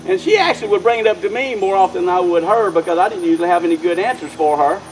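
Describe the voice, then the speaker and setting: A man with a fairly high voice delivers a rambling, folksy dedication speech as mayor. He talks outdoors at a park ceremony, repeating himself and circling back to his point. Faint outdoor noise and passing vehicles sit under his voice. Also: expressive, rapid-fire, poor audio. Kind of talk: informal public speech.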